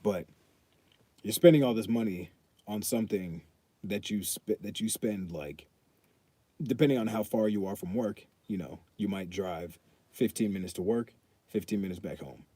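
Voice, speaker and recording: Brief: young man, husky and low, relaxed live-stream banter. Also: moderate pace, no echo. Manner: loose and joking, reads chat aloud, swears casually. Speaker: fitness streamer. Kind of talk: casual live-stream chat.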